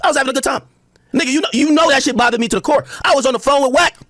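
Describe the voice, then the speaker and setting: A man's voice: very high voice, rapid-fire, pushed and bright, no echo, studio quality. A man ranting and mocking on a livestream, profane and laughing, and he says he is drunk.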